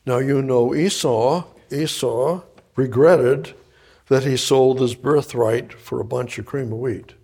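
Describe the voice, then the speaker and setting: A man teaches from the Bible verse by verse, his voice gravelly and a little husky. He speaks slowly and deliberately, rising to loud emphatic bursts and dropping to a hushed near-whisper. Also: medium pitch. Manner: reads scripture then explains it, swinging from loud emphatic bursts to hushed quiet. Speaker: preacher.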